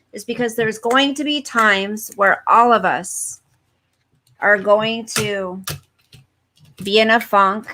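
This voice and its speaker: A woman hosts a casual live chat from home, speaking directly to her viewers. She talks at an unhurried, drawn-out pace and often wanders off track. Her pitch sits in a middle range. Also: pushed and bright. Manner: chatty, talks straight to viewers, easily distracted. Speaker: livestream host reading viewer comments. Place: at home, fireworks outside.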